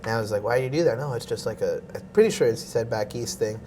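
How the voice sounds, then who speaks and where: A man's voice: medium pitch, very fast, darkish tone, a little hiss or hum. A man, a guest on a casual podcast, telling laid-back stories in slangy speech. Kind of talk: casual chat.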